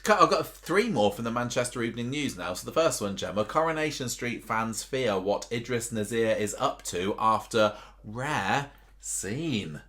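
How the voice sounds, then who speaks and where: A man's voice: mid-range voice, animated, moderate pace, a bit bright. A man co-hosting a casual podcast chat about a soap opera, who quizzes his co-host and laughs often.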